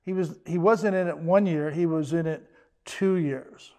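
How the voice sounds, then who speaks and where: An older man, a pastor, preaching a sermon in a conversational way with joking asides and quick restarts. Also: on the high side, fairly even intonation, darkish tone.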